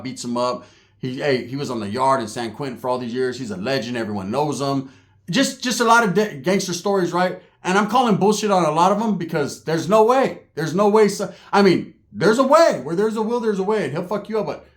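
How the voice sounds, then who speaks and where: Animated, higher-pitched male storyteller. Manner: animated, jokey, swings between loud and hushed. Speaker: storyteller recalling prison time. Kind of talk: casual profane storytelling.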